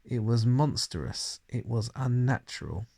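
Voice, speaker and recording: A man reads a children's novel aloud, narrating in the first person. His mid-range voice has a gravelly, creaky texture, and he leans on key words for effect. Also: medium pitch, animated, unhurried, warm tone. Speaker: audiobook reader.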